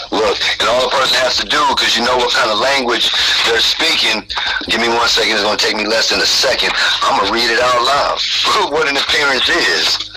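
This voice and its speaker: Casting note: man, guest on a call, bright and forceful, emphatic storyteller. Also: medium pitch, poor audio. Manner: emphatic, reads legal text aloud. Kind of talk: casual call conversation.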